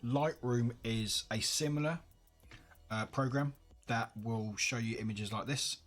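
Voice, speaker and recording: A man's voice: medium pitch, a little slow, soft background music. A young man from the UK, live-streaming from home, chatting in a rambling, self-correcting way. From United Kingdom. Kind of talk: casual livestream chat.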